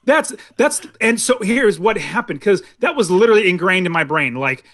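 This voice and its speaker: A man's voice: high-pitched, lively intonation, normal speed, fairly bright tone, dry recording. A man co-hosting a casual movie podcast, telling stories in a rambling way, full of "like" and restarts. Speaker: podcast co-host.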